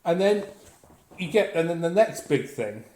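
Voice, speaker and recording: A man's voice: a little high, big pitch swings, unhurried, warm tone. Sweary man ranting in an echoey room. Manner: sweary, blunt and sardonic. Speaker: vlogger. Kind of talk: profane comic rant.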